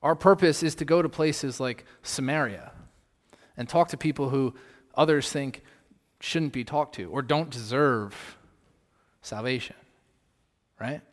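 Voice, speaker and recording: A man's voice: medium pitch, measured pace. Preaching man in a reverberant hall. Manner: rhetorical questions, swings from loud emphasis to soft. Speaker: pastor. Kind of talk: sermon.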